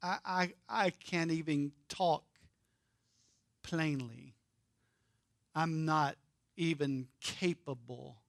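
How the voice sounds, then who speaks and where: Preacher doing a stuttery unsure guy, soft and low for him, dry close sound. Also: very slow, gravelly, long pauses, no echo, heavily acted. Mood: hesitant. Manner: stuttering, repeating words. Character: stammering insecure man, unsure of himself. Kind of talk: sermon.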